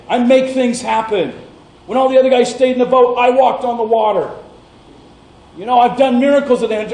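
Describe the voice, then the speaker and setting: A pastor putting on the voice of a brash, boastful male fisherman disciple in a sermon, raising his pitch and volume. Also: a little mellow, roomy sound, low-quality recording. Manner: swaggering, boastful.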